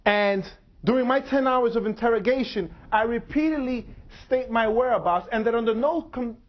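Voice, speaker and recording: A man speaking slowly and deliberately to an audience at a university, telling his own story. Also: extremely high pitch, highs cut off. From United States. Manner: slow, measured, deliberate delivery. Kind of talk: public talk. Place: university lecture hall.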